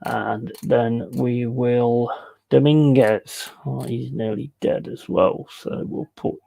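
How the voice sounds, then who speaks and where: A man's voice: medium pitch, fairly even intonation, takes it slowly, creaky, warm tone. A man chatting casually on a live stream, swearing freely and telling a long rambling anecdote. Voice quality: swearing, laddish storytelling. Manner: rambling anecdote with repeated asides. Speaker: streamer playing a football management game.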